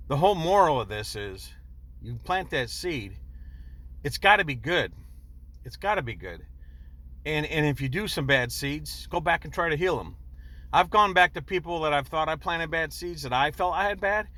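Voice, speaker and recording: A man's voice: fairly high pitch, expressive, normal speed, sharp tone. A man in his sixties telling a personal story in a rambling, earnest way and drawing a moral from it. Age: 60s. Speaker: vlogger.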